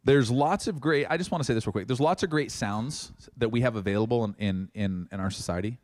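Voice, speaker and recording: A man preaching a sermon as pastor, reading scripture and acting out dialogue with animated emphasis. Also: mid-range voice, a little fast.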